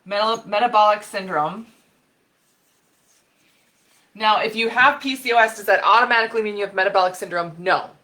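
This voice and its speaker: A woman health expert giving an animated talk on camera, getting fired up and laughing as she explains while sketching on a board. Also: mid-range voice, a little fast, pauses often. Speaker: women's health and hormone expert. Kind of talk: educational video talk.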